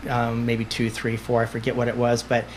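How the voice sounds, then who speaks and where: Man, podcast guest, emphatic storyteller, mid pitch, faint background hiss. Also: monotone, brisk. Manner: confident storyteller, emphatic, repeats phrases for emphasis. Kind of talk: conversational interview answers.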